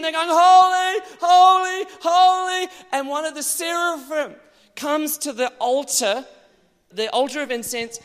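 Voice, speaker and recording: Man, high voice, preacher, animated sermon, loud exclamations, long hall reverb.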